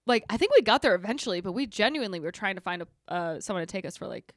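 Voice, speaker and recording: A woman's voice: medium pitch, lively intonation, rapid-fire, dry recording, clean studio sound. A young woman co-hosting a podcast, chatting casually, laughing often and swearing freely. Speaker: podcast co-host. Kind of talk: casual chat.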